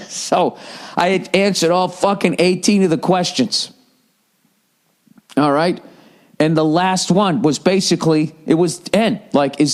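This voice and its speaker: A man's voice: on the high side, brisk, a little mellow. Exasperated, profane man ranting. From Massachusetts. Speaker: podcast host. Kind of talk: casual monologue.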